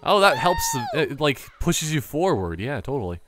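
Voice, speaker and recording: A young man rambling through casual gameplay commentary, his pitch swinging animatedly from high to low as he jokes. Faint game music plays underneath him. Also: wildly swooping pitch, moderate pace. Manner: rambling, jokey asides.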